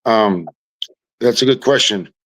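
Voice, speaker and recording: A man, a podcast guest telling stories in casual chat, animated and often restarting his words. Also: on the low side, slow pace, dry recording, poor audio.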